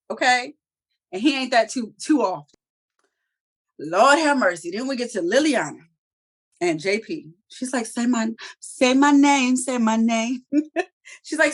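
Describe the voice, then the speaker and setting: Higher-voiced woman, animated and cussing, recapping a tv episode and doing all the character lines. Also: breathy edge. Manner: animated, profane, acts out quoted characters. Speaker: TV review podcast co-host. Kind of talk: casual recap chat.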